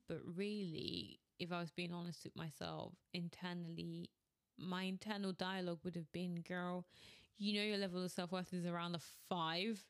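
Low and creaky, this thirty-something woman's voice carries her solo podcast. Speaking openly in a relaxed way, she confesses her irritation and keeps breaking into laughter mid-sentence.

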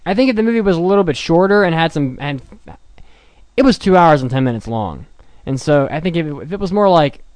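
A man's voice: on the high side, animated, quick pace, darkish tone, clean tone, no room sound. A man hosting a casual podcast chat, blunt and opinionated. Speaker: podcast host.

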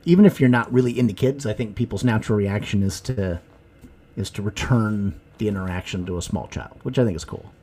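A man's voice: on the low side, a little fast. A man co-hosting a podcast, talking in a casual, jokey way. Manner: animated, jokey storytelling. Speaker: podcast co-host. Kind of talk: casual chat.

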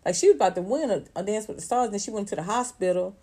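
A woman, hosting casual celebrity gossip commentary in an animated, profane way, laughing often. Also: medium pitch, quick pace. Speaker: commentary channel host.

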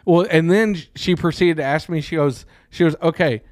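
Animated profane man telling a story. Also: fairly high pitch, normal speed, dry recording, clean studio sound. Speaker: podcast co-host. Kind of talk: casual storytelling chat. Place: small room.

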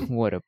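A man co-hosts a podcast, casually recapping a film by retelling its scenes, quoting lines and laughing often. His voice is a little mellow, with no echo.

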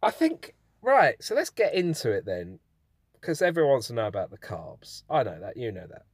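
A man's voice: mid-range voice, wildly swooping pitch, normal speed, breathy edge, no echo. A man with dry, teasing banter, co-hosting a casual podcast chat. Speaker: podcast co-host.

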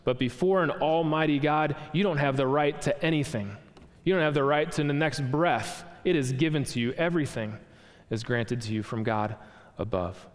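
Earnest preacher in a reverberant hall. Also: male voice, on the high side, normal speed. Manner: earnest, rhetorical questions. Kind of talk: sermon.

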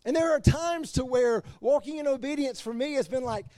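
A man preaching as pastor, animated, laughing between points and dropping to quiet emphasis. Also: very high voice, brisk, dry recording, studio quality. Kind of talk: sermon.

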